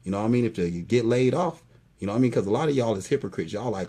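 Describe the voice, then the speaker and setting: A man's voice: mid-range voice, fast, warm tone, husky. A man in his forties giving a casual, profane monologue to his viewers, lecturing them and tagging lines with "boy" and "you know what I mean". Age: 40s.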